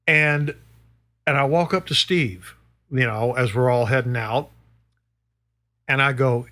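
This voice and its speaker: A middle-aged man, a guest musician, telling a story in a casual, animated way, swearing and peppering it with "you know". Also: mid-range voice, takes it slowly, pauses often.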